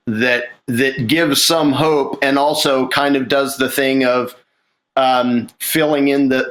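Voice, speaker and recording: Man, bright voice, casual talk about his screenplay, loose and rambling with quick acted lines. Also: medium pitch, low-quality recording. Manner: rambling, many restarts and fillers, acts out lines. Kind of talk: casual conversation about a film script.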